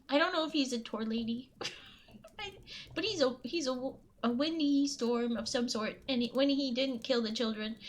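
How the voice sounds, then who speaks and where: High-voiced woman livestreamer; anxious, laughs a lot, pleads and repeats words. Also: a bit bright. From US Midwest. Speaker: streamer reading folktales. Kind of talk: casual live-stream chat.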